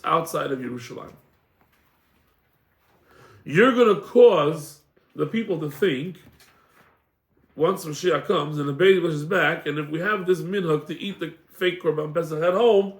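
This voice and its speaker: A man, a rabbi, giving a casual class and telling stories, acting out the people in them with animated voices. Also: a little high. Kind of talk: casual Torah class with storytelling. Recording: echoey room.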